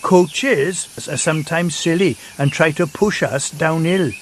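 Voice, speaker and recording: A man voicing a pair of wise old steam engines who speak slowly and tease gently. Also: fairly high pitch, slight background noise, pitched above the performer's own voice, close to an everyday voice. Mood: teasing. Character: two old narrow-gauge engines, wise and teasing.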